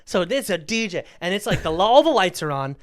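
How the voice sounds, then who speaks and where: A young man co-hosting a podcast, telling a stand-up story in a casual, animated way, often laughing and acting out what people said. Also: high-pitched, a little fast. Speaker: podcast co-host, stand-up comedian.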